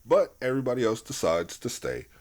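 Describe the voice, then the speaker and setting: A man casually recapping a movie plot as podcast co-host, animated and swearing now and then. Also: medium pitch, a little fast. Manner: animated storytelling, laughs often, swears.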